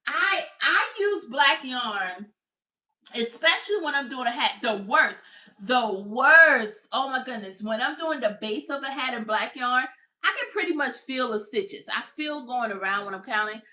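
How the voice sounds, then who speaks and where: Chatty bright-voiced woman host. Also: high-pitched, expressive, measured pace. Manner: chatty, reads viewer comments aloud and laughs often. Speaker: crochet livestream host. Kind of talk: casual livestream chat.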